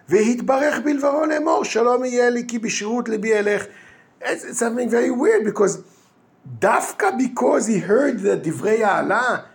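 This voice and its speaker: A man's voice: high-pitched, creaky. A man, a rabbi at a yeshiva giving a weekly Torah talk in English. He often restarts while searching for English words. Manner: animated, acts out quoted speakers in raised voices.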